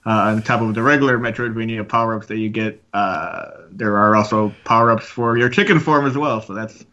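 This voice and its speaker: A man's voice: on the low side, fairly quick, bright, forceful tone, dull audio. A man co-hosting a casual video game podcast, rambling with lots of fillers and laughs. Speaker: podcast co-host. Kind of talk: casual chat.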